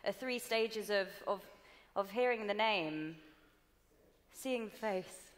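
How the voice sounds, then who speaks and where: Actress, 20s, giggly and hesitant; hall reverb. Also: female voice, mid-range voice, slow pace. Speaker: guest actress. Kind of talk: stage Q&A answers. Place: large theatre stage.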